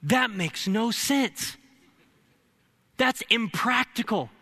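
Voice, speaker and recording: A young man's voice, pitched unusually high and strikingly bright and sharp, preaching with energy. He mixes jokey asides into his sermon and climbs to shouted exhortation. An upbeat, forceful pulpit delivery. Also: animated, slow, husky. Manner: builds to shouting. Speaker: pastor.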